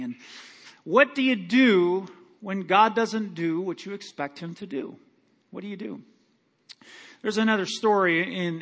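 A man's voice: fairly high pitch, fairly bright tone. A male pastor preaching a storytelling sermon in a conversational, self-mocking way with many fillers.

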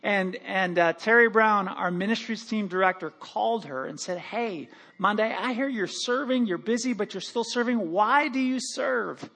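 High-voiced man preaching a lively sermon. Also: normal speed, creaky, hardly any pauses. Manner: animated, joking, lively storytelling with acted-out quotes. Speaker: pastor. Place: church sanctuary.

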